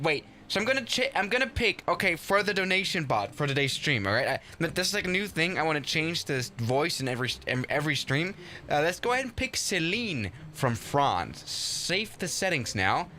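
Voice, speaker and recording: Man, live streamer, casual chat, excitable, stumbling restarts, bright tone, lively pitch. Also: normal speed, slight background noise. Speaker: live streamer playing a flight simulator.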